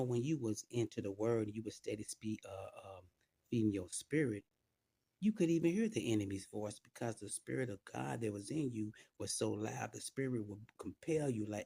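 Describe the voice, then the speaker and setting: A man with a low, dark voice preaches informally, talking straight to the listener with frequent asides. His tone is husky and relaxed, in a dry, close recording with no room sound. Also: no echo.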